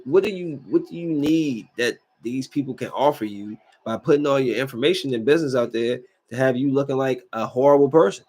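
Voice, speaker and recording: A man with kids hosts his own podcast, ranting solo and casually in a slightly rough mid-range voice. He's animated, repeats himself and his phrases, and fills his talk with lots of "like" and other fillers.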